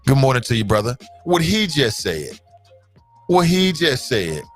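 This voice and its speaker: A man's voice: medium pitch, big pitch swings, measured pace, faint music behind. A man hosting a live talk show, reading viewer comments aloud and bantering casually with his audience. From Cincinnati, United States.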